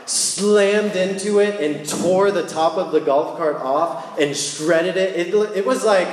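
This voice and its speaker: A young man preaching a sermon in a church, casual and animated as he tells stories. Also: high-pitched, slow, reverberant, long reverb tail.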